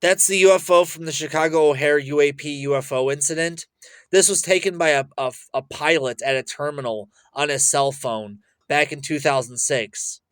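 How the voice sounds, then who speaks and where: A young man rambling boastfully to camera, excitable, swinging between loud bursts and mutters. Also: a little high, normal speed, clear, resonant tone. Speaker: vlogger.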